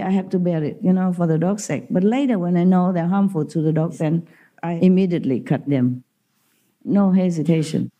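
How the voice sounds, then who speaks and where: Low, very mellow-voiced woman telling stories. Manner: chatty, frequent laughter, non-native English grammar. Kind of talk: casual storytelling talk.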